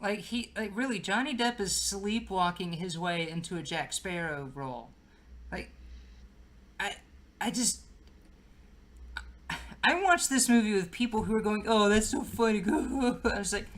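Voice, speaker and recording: Laid-back woman co-host reviewing a movie, slow and easy delivery. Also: mid-range voice, animated. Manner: laid-back, agreeing, laughs often. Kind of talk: casual review chat.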